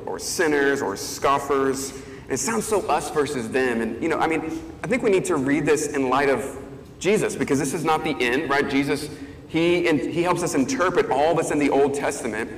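A man preaches a sermon in a relaxed, conversational way, often pausing to rephrase his thoughts. His voice carries a long, roomy echo from a large hall. Faint ambient noise hangs behind him. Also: medium pitch. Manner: conversational, thinking aloud with fillers and restarts. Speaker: pastor.

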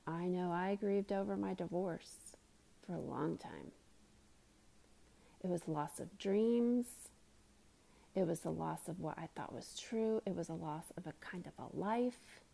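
A woman's voice: lowish voice, a little slow, creaky, warm tone. A woman hosting a self-help podcast, talking earnestly and conversationally as a mother, sometimes dropping to a whisper for emphasis. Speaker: podcast host.

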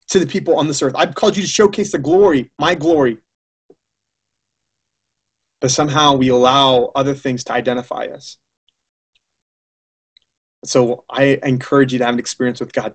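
A young adult man preaching a sermon with passion, often restarting his sentences. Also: medium pitch. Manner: impassioned, many restarts.

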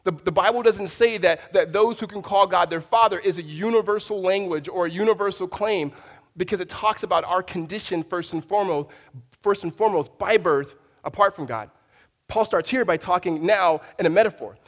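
A high-pitched man preaches a little fast, and the audio carries a big-room sound. As a pastor, he keeps things conversational, with frequent restarts and stories woven in.

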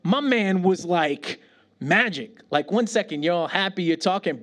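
A middle-aged pastor preaching a sermon, telling stories with animated bursts and falling to a near whisper when he prays. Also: high voice, normal speed. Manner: animated storytelling, dropping to a near whisper in prayer.

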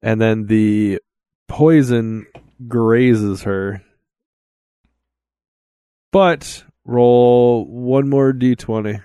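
Young male game master, unhurried, hesitant delivery, dry close mic. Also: medium pitch, steady tone, dark tone, clean tone, no echo. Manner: slow, halting, laughs often. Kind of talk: narrating a tabletop game.

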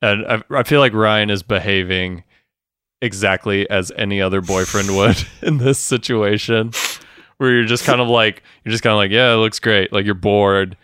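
A man with a low, smooth and resonant voice recaps a TV episode in casual podcast chat. He acts out the characters' lines as he goes and swears freely. The sound is dry and close. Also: moderate pace, dry recording. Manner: animated retelling, acting out characters' lines, swears and laughs often. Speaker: podcast co-host.

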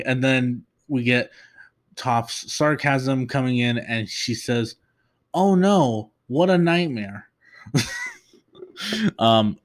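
A man hosting a podcast, recapping an episode in a casual, halting way with lots of fillers and restarts. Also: mid-range voice. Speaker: podcast host.

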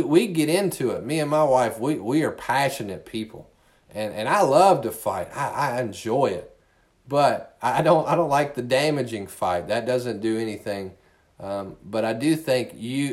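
A man's voice: medium pitch, darkish tone. A male pastor giving a conversational sermon, earnest and often repeating words as he restarts his sentences.

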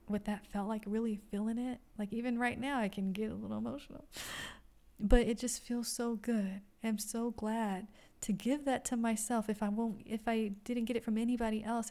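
A woman hosting her own podcast, talking softly and from the heart about her own life, often stopping to restart a phrase. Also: fairly high pitch. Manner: soft-spoken, heartfelt, halting with repeats. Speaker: podcast host. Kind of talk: personal reflective monologue.

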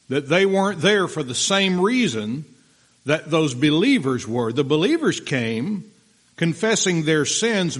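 A man preaching a sermon, reading scripture and explaining it in a slow, deliberate way, pausing for listeners taking notes. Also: a little high.

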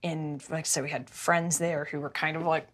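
Speaking at a moderate pace in a low-sitting voice, a woman tells a personal story casually. Her delivery is emotional and animated, with many restarts.

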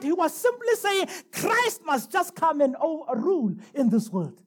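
A woman delivers a sermon in a high voice that swoops up and down. She preaches emphatically and slows her words down when she reads scripture aloud. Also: big pitch swings.

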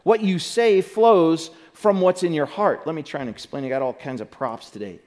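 Pastor, male, higher-pitched voice, relaxed conversational sermon delivery with questions to the congregation. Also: normal speed. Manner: conversational, asks the audience questions, demonstrates with props. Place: church stage.

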